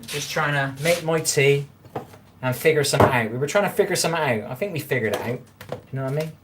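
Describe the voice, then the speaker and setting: A man's voice: fairly high pitch, fast talker, very noisy. A man chatting casually with viewers while cooking on a livestream, rambling and repeating himself as he reads the chat. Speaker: livestream host reading chat.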